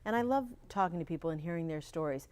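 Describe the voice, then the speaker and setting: A woman's voice: low voice, expressive, darkish tone, clear, resonant tone. A middle-aged woman, talking as a candidate guest in an earnest, upbeat way in a local TV studio. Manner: earnest, upbeat, spells out slowly. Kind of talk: casual interview talk.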